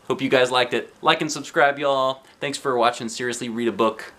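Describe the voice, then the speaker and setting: A man reading a children's picture book aloud, animated and asking young listeners questions. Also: mid-range voice, normal speed, few pauses.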